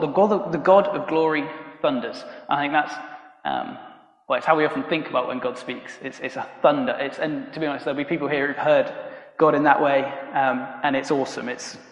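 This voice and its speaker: A man's voice: fairly high pitch, steady tone, dull audio. A man preaching a sermon in a loose, conversational way, with frequent ums and restarts. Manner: conversational and halting, many ums and restarts, laughs at own stories. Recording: roomy hall reverb.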